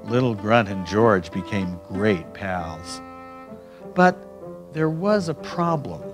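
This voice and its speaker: A man reading his own picture book aloud, animated and expressive. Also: lowish voice, slow, over music. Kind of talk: storybook read-aloud.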